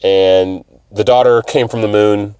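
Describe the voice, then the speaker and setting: A man's voice: on the low side, steady tone, a little slow, mellow, clean tone, no room sound. A man hosting a podcast, rambling casually with lots of fillers and swearing. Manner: profane, rambling, full of fillers. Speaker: podcast host.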